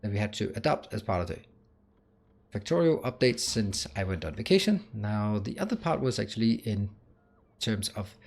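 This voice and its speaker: A man's voice: on the low side, big pitch swings, normal speed, a little mellow. A man giving casual gameplay commentary, thinking aloud with fillers and restarts as he walks through changes. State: has the hiccups. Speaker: gaming YouTuber.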